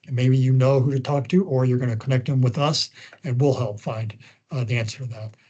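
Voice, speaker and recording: Fast-talking man coaching on a call. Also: medium pitch, a little mellow, slightly rough. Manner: talks fast when he gets going; frequent ums and uhs, conversational. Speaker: media trainer. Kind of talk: spokesperson training talk. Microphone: video call. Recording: dull lo-fi call audio.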